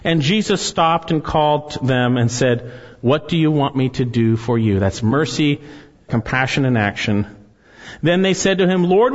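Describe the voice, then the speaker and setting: A man preaching a sermon as a pastor, reading scripture aloud with rising emphasis. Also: on the high side. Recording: dull sound with long hall reverb.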